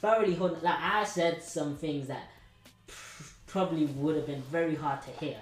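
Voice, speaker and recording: A man's voice: on the high side, moderate pace, echoey room, faint music behind, poor audio. A man, hosting a podcast and telling a candid story, rambling with lots of slang and restarts.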